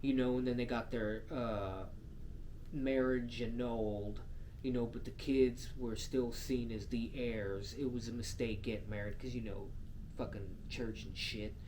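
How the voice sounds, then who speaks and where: A man co-hosting a podcast, telling stories in casual chat, full of swearing and quick asides. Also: mid-range voice, slight background noise. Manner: animated, profane storytelling with frequent laughs. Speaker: podcast co-host.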